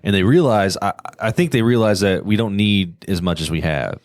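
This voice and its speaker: A man co-hosting a casual podcast, telling jokes in an animated way. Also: lowish voice, moderate pace, dry recording, studio quality. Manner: joking, animated storytelling. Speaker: podcast co-host.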